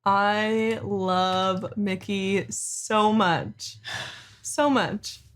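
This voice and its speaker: A woman's voice: medium pitch, little pitch movement, drawn-out words. An American woman chatting casually as a reaction video host, gushing about the comedian. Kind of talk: casual chat.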